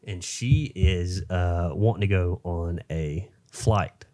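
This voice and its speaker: A man's voice: sits low, slow, dark tone. A young adult man co-hosting a podcast, telling a long shaggy-dog joke in a rambling, filler-heavy way. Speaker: podcast co-host.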